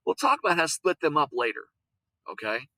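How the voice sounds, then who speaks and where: A man teaching a lesson, patient, repeating words and sounding them out slowly. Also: a little high, wildly swooping pitch, pushed and bright, no echo, poor audio. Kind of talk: recorded classroom lesson on syllables.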